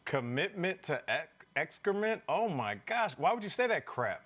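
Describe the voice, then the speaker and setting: A man in his thirties, a former pro football player co-hosting a sports show, telling a story in a lively way and acting out other people's lines. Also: normal speed. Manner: lively storyteller, acts out quotes in a higher heckler voice. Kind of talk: animated storytelling chat.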